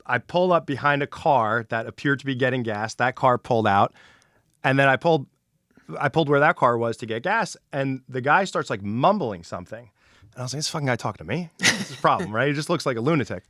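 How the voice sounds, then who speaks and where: A man's voice: mid-range voice, expressive, brisk, a bit bright, no echo, studio quality. A middle-aged man hosting a podcast, telling a story in casual chat, acting out quotes and swearing freely. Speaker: podcast host.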